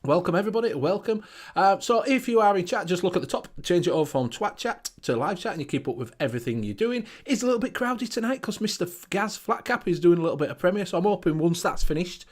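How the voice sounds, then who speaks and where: Male host, high-ish lively voice, swears and laughs a lot. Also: quick pace, hardly any pauses. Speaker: show host. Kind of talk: casual livestream chat.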